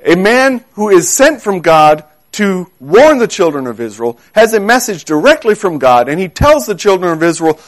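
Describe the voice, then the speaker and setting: A man preaching a sermon in an earnest, emphatic way, repeating key words and reading scripture slowly. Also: high voice, big pitch swings. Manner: reads scripture aloud slowly.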